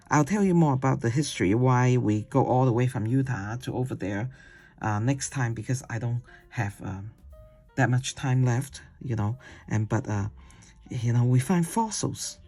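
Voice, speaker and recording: In a casual painting demonstration, a watercolor instructor chats and digresses, gently coaxing and finishing each step with "okay?" The pitch is medium.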